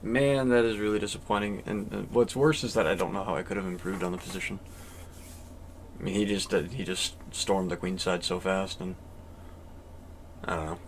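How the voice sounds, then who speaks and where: A man's voice: sits low, fairly even intonation, moderate pace, slight background noise. A man playing online chess and thinking aloud, in a glum, self-critical mutter. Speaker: chess player.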